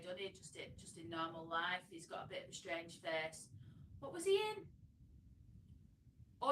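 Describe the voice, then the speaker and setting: A woman's voice: lowish voice, pushed and bright, a little hiss or hum. A woman hosting a casual home livestream, chatting and rambling as she reads comments aloud. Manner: chatty, rambling, self-interrupting. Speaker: livestream host. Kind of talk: casual live chat reading comments. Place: home room. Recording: echoey room, a little far from the mic.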